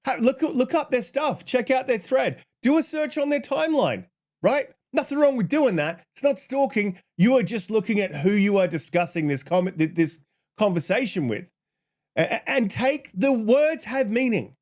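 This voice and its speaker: Fired-up man ranting, high-pitched voice. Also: moderate pace. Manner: heated, profane, exasperated; reads out tweets in a flatter voice. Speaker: channel host. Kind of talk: ranting commentary.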